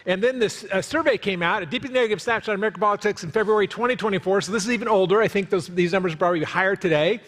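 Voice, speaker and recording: A man preaching a sermon as pastor in a church, animated and joking, acting out the voices he quotes. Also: high voice, very fast, hardly any pauses. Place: church sanctuary. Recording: long hall reverb.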